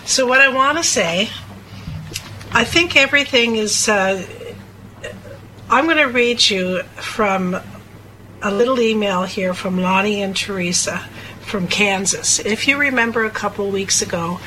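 A woman co-hosting a talk radio show, speaking in an emotional, rambling, confessional way. Her voice is bright and forward at an ordinary pitch. A faint hiss of noise sits beneath it. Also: a little slow, rough recording. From Cape Breton, Nova Scotia, Canada. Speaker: co-host.

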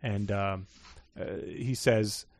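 A man's voice: on the low side, fairly even intonation, takes it slowly, dry recording, clean studio sound. A man co-hosting a casual chat, wry and joking, telling the story in his own words. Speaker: podcast co-host. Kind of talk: casual book discussion.

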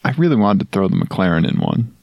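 A man co-hosting a car podcast in casual chat, joking and animated, laughing often. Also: deep voice, quick pace, vocal fry, dry recording. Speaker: podcast co-host.

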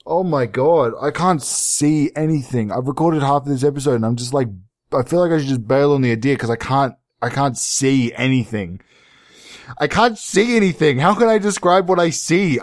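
A man hosting a podcast, ranting sarcastically in a profane, rambling comedic monologue, jumping into high mock-outraged bursts. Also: dry recording, clean studio sound. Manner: sarcastic, profane, tangent-prone. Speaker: podcast host.

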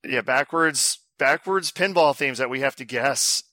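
Bright joking male podcast host. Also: mid-range voice, unhurried, no echo. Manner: loose, joking, swears freely. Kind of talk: casual chat.

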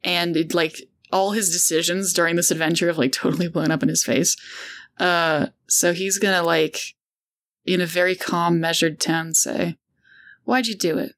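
A woman's voice: lowish voice, flat delivery, moderate pace, fairly bright tone. A woman player in a tabletop game, describing her character hesitantly with many fillers.

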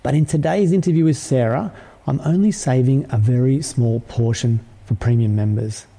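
A middle-aged male podcast host reads an upbeat, emphatic scripted intro before chatting with his guest. His mid-range voice is gravelly and mellow, at a normal speed.

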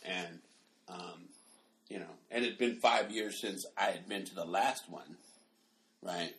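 A man in his late forties, a podcast co-host telling stories in casual chat, animated and swearing freely. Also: measured pace. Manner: animated, laughing, swears freely, leaps high in pitch when acting out people.

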